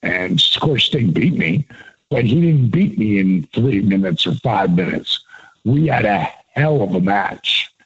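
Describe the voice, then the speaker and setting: A man in his sixties tells animated, profanity-laced stories as an interview guest. His voice is gravelly and husky. The recording sounds dull and lo-fi. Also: on the low side, measured pace. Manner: profane, emphatic, laughs often. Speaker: guest, former pro wrestler. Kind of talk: animated storytelling.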